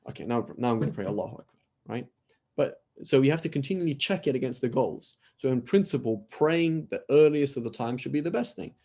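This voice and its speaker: This is a lecture by an Islamic scholar, a British man teaching via video call in a warm, mid-range voice. Chatty in manner, he keeps tossing out "right?" and acts out short conversational exchanges.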